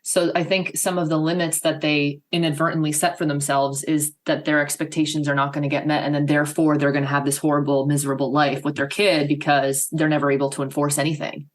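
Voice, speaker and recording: Low-voiced woman co-hosting a podcast. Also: level tone, fast, few pauses. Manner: thoughtful, asks open questions. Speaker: podcast co-host. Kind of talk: casual interview chat.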